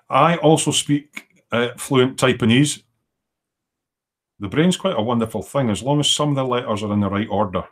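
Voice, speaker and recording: A middle-aged man chatting casually and rambling as he hosts a livestream from his home workshop, reading out viewer comments as he works. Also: fairly low pitch. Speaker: livestream host. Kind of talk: casual chat while working.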